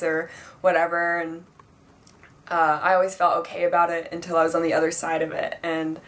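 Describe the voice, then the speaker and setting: A young woman around twenty talks straight to her viewers in a casual advice vlog. Her voice sits slightly lower than most women's, and she rambles in a friendly, filler-heavy way, slipping into little impressions of the people in her stories. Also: little pitch movement, fairly quick, fairly bright tone. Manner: chatty, filler-heavy, acts out quoted dialogue. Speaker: vlogger.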